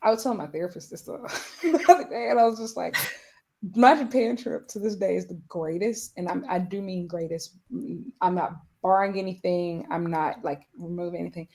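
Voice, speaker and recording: A woman hosting a casual chat, talking emphatically and getting excited. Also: lowish voice, fairly quick. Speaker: host.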